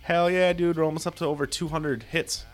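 A man's voice: fairly high pitch, fairly even intonation, brisk. A young man co-hosting a podcast, joking crudely and talking in a laid-back, casual way. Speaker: podcast co-host. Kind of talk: casual chat.

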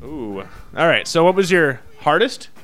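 A young man hosting a podcast, excitable and laughing, stammering and repeating himself. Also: fairly high pitch, unhurried, soft background music. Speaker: podcast host. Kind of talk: casual chat.

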